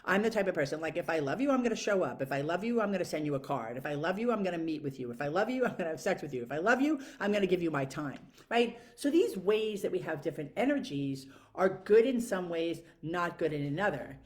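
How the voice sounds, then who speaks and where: A woman's voice: on the low side, big pitch swings, fast talker, hardly any pauses, a little mellow. A woman talking casually to camera in a frank, profane, rambling way, full of fillers. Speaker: vlogger.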